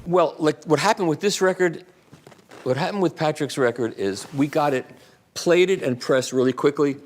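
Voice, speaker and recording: An older man speaking live to an audience, answering questions with rambling, animated anecdotes. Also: on the high side, moderate pace.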